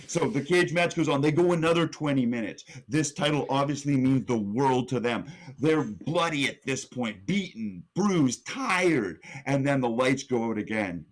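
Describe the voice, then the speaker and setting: A man's voice: mid-range voice, expressive, normal speed, hardly any pauses. A young man co-hosting a podcast, telling an imagined match blow by blow and building hype with sudden rises in his voice. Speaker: podcast co-host. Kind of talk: animated play-by-play storytelling.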